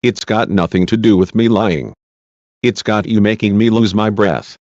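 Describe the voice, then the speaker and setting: An agitated, worn-out female witness, read by a man in his own low voice, snapping back and defiant. The recording is dull and lo-fi with a dry close sound. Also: normal speed, a little mellow, no echo, close to an everyday voice. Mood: exasperated.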